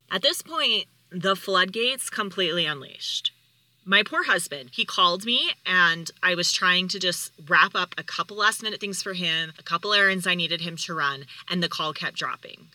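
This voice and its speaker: A woman's voice: lowish voice, pushed and bright, no echo, poor audio. A woman hosting a podcast, telling a personal story in a candid, heartfelt, conversational way. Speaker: podcast host.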